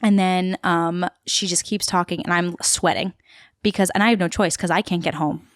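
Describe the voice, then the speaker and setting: On a podcast, an actor and tour guide from Queens, New York City, tells a story casually and chattily, full of fillers. Her voice is on the low side with a steady tone and moderate pace, captured as clean studio sound with no echo.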